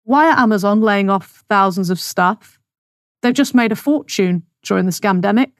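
A woman's voice: medium pitch, moderate pace, no room sound, clean studio sound. A woman hosting her own podcast, delivering a scornful, sarcastic monologue with emphatic repetition. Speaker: podcast host. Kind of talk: opinionated monologue.

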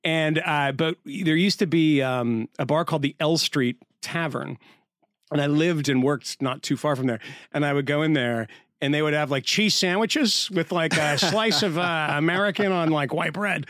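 A man chatting on a podcast with a fairly high voice, telling animated stories and slipping into mimicked accents. His voice is recorded dry and close. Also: normal speed, no echo. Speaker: podcast co-host. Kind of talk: casual chat.

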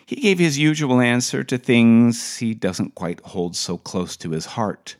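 A man's voice: mid-range voice, animated, measured pace. A middle-aged man reading his own personal essay for a podcast in a dry, wry storytelling manner.

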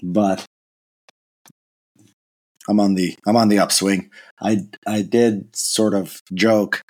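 A man's voice: lowish voice, steady tone, slow pace, a little mellow, no echo. A man with a sick-sounding voice, talking in a casual, hesitant monologue as a commentator, with many restarts and fillers. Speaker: political commentator.

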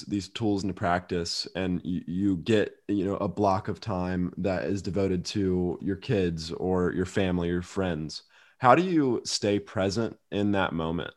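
A man hosting a podcast, asking questions in a measured, thoughtful way with some hesitation. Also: sits low, a little mellow. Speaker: podcast host. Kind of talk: interview questions.

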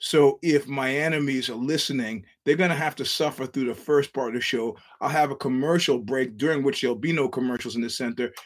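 A man's voice: mid-range voice, fairly quick, hardly any pauses. A man hosting his own podcast, rambling through a wry, chuckling solo monologue with frequent restarts. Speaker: podcast host.

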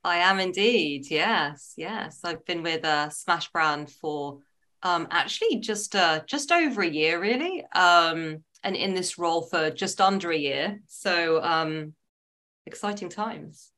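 A woman's voice: on the low side, slow. A woman from Israel, a chatty, laughing interview guest talking about her work in brand strategy. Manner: lively, laughing, chatty with fillers. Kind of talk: casual interview chat.

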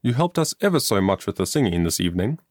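Man reading a patient earnest pastor, low voice, lively, dry close sound. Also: quick pace, dry recording. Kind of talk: audiobook reading.

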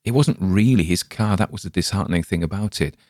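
A man with a very deep voice narrates a dark short story in a measured, dramatic way. The recording is dry and close, with no room sound. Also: no echo.

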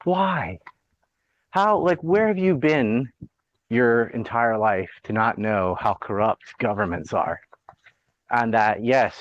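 A man hosting a podcast rants bluntly and sarcastically in casual political talk, swearing plenty. His voice sits on the low side, with no room sound and the highs cut off.

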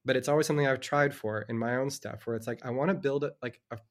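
A middle-aged man talks casually as a guest author. He is an animated storyteller who jumps into little character voices as he recounts a book. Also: medium pitch, fast. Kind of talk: casual conversation.

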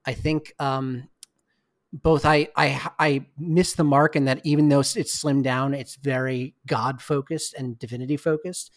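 A man's voice: medium pitch, steady tone, a little slow, no echo, clean studio sound. A man being interviewed as a guest on a podcast, speaking candidly and reflectively. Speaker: game designer guest. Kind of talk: casual interview talk.

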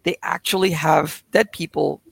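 A woman hosting a podcast interview, chatting casually and asking halting questions. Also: deep voice, steady tone, vocal fry, breathy edge, no echo. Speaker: podcast host.

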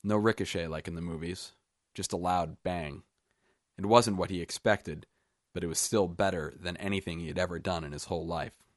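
A man with a very deep voice reads his own short story in a measured, even manner. The sound is close and dry, with no room around it. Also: no echo.

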